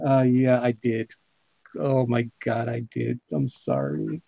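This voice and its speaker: A man's voice: medium pitch, sing-song, slow, creaky, dry recording, phone-quality sound. A man hosting a casual livestream, reading chat comments aloud with jokes and laughter. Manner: jokey, laughs often. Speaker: livestream host.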